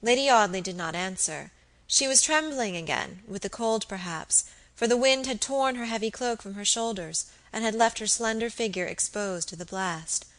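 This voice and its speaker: A woman narrating an audiobook in a measured, even storytelling voice. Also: medium pitch, low-quality recording. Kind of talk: scripted narration.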